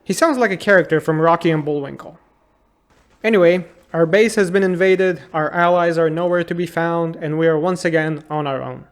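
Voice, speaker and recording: This YouTube game reviewer, a man in his thirties, has a noticeably high voice and speaks at a normal pace. He narrates a humorous retrospective on a game he loved as a child, sarcastic and exasperated, frequently ridiculing the plot in disbelief.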